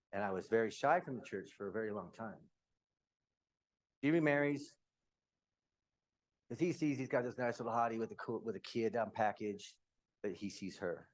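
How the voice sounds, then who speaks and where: A man in his fifties from Utah, candidly telling his own life story to a room, with quick asides. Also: fairly low pitch. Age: 50s. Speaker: speaker. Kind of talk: personal story talk.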